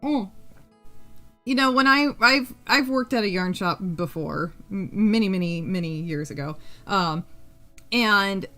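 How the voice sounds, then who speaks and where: A woman's voice: medium pitch, lively intonation, a little slow, sharp tone, soft background music. A woman hosting a live crafting stream, rambling and chatty, humming to herself and swearing freely. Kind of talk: casual chat while crafting on a live stream.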